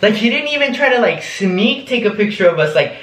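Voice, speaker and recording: A man's voice: sits high, big pitch swings, brisk, fairly bright tone, echoey room, low-quality recording. A young man recounting a story in a rambling, casual vlog, full of "like" and "um". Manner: rambling, lots of "like" and "um". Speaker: vlogger.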